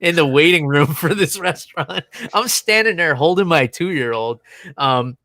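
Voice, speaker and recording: A man's voice: fairly high pitch, animated, normal speed, pushed and bright, no room sound, clean studio sound. A man in his thirties co-hosting a podcast, telling a rambling story in casual chat and chuckling often as he goes. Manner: amused, rambling anecdote with frequent chuckles. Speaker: podcast co-host.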